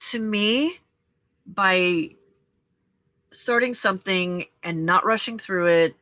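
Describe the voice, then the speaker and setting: A woman with a bright, clear voice talks through a monthly reflection for a crafting challenge. She speaks gently and encouragingly and keeps checking in with her viewers. The sound is close and dry, with no room echo. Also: fairly low pitch. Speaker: host of a journaling and crafting challenge. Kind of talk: reflective casual talk to viewers.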